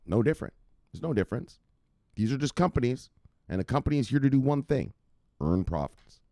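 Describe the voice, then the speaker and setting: A man's voice: mid-range voice, very animated, brisk, mellow, no echo. A man hosting a crypto news show, giving hyped and profane casual market commentary straight to his viewers.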